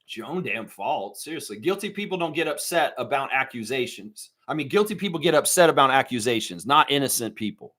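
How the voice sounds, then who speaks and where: A man's voice: mid-range voice, fairly quick, hardly any pauses. A man hosting a live stream, chatting casually, reading viewer comments and breaking into mocking outbursts. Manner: animated, swings into mocking impressions and shouts; reads and answers viewer chat.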